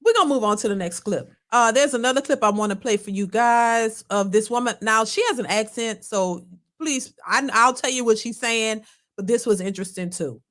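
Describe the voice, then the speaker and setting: A woman hosting a reaction video, giving casual commentary in a colloquial, animated way and often repeating herself. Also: on the high side, normal speed.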